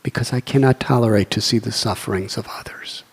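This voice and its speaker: A man, a monk teaching scripture, giving an earnest devotional sermon in a soft, fervent storytelling manner. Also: mid-range voice, fairly quick, breathy edge. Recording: echoey hall.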